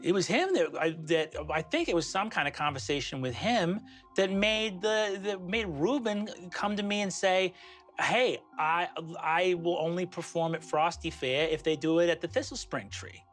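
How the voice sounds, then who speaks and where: A man's voice: high voice, normal speed, a bit bright, faint music behind. A man doing a grumbling, aggrieved agent. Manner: complaining, aggrieved. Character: stressed male talent agent, grumbling.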